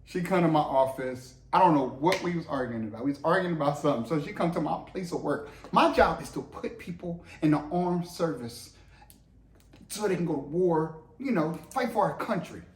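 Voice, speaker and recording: Guy telling a story to his wife on camera, acts out the quotes, slightly high voice, echoey room. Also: brisk. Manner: animated storyteller acting out quotes, profane. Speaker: co-host, husband. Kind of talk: casual couple storytelling.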